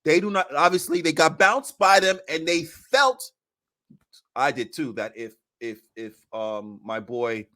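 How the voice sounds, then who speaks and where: A man on a podcast in casual chat about basketball, animated and repeating phrases for emphasis. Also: fairly high pitch, unhurried.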